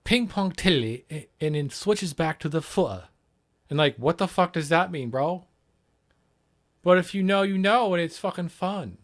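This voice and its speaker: A man's voice: on the high side, animated, moderate pace. A man livestreaming, chatting casually and reacting to a film clip, rambling, swearing and repeating lines back. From not Britain. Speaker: livestream host.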